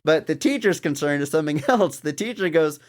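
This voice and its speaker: A man's voice: fairly high pitch, brisk. A man co-hosting a casual podcast, retelling scenes with animation and chuckling as he goes. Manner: animated storyteller, laughs while retelling scenes. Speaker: podcast co-host.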